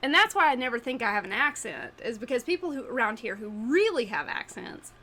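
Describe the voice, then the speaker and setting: A woman with an Appalachian accent, co-hosting a casual chat, talking quickly with frequent laughter. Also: a little high, big pitch swings, sharp tone. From East Tennessee. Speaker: podcast co-host.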